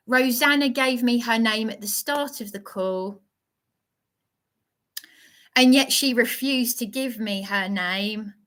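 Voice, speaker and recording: A woman talks slowly into her live stream, her voice shaky and worked up. She sounds indignant and keeps stumbling over her words. Her tone is high and bright. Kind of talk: agitated live-stream monologue.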